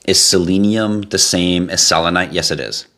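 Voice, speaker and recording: A man hosting a live stream, reading viewer comments in a casual, animated way, laughing and swearing now and then. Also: normal speed. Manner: animated, laughs and swears, jumps to high yelps for effect. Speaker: livestream host.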